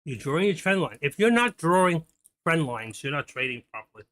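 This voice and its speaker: A man's voice: on the high side, sing-song, a little fast, fairly bright tone. A middle-aged man hosting a stock trading livestream, chatting casually and talking to viewers by name. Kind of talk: casual live-stream chat while trading.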